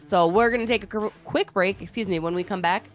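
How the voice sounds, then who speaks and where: A woman's voice: mid-range voice, quick pace, music in the background. Chatty woman co-hosting a sports podcast. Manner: chatty, teasing, animated. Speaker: podcast co-host. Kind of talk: casual sports chat.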